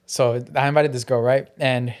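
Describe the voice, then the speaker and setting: A young man, a podcast host, telling a story in casual chat, animated and swearing with lots of "bro". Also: mid-range voice, normal speed, smooth.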